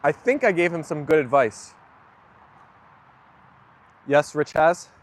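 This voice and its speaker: A man's voice: a little high, slow pace. A young man hosting a livestream, chatting casually and answering viewer comments as they come in. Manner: relaxed, chatty, often agreeing with viewers. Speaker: livestream host.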